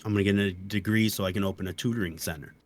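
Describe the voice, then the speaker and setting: A young man, a game player and video creator, chats casually as a guest in an interview. His voice is low and steady, his speech rapid-fire and laid-back, peppered with "dude" and "you know."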